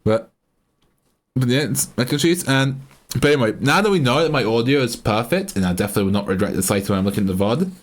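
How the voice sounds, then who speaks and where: An Australian man chats on a live game stream in a loose, rambling way. He restarts his sentences often and thinks out loud, speaking in a mid-pitched male voice. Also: expressive, fast. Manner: rambling, self-interrupting, chatty. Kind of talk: casual live-stream chat.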